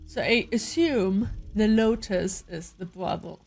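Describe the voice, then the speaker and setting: A woman's voice: medium pitch, slow pace, gravelly, few pauses, a little mellow, faint music behind. A woman playing a story game, reading its narration aloud and adding chatty asides of her own. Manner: chatty asides between read-out passages. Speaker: game player. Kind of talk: let's play commentary, reading game text aloud.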